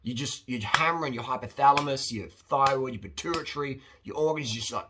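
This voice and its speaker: A man hosting a casual advice monologue, talking bluntly and rambling, animated as he acts out other people's voices. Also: mid-range voice, brisk, few pauses, background noise. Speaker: host answering viewer questions.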